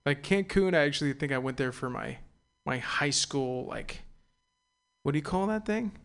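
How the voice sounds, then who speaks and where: Young male radio host, smooth resonant voice, loose rambling delivery with fillers. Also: a little high, expressive, normal speed, fairly bright tone. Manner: rambling, hesitant, with many fillers. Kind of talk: casual radio chat.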